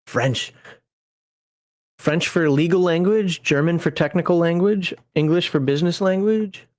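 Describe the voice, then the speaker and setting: Male streamer and game master, casual rambling talk, a bit higher pitched, dry close sound. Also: measured pace, dry recording. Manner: rambling and digressive, chuckling at himself. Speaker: game master and channel host. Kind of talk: casual livestream chat building a character.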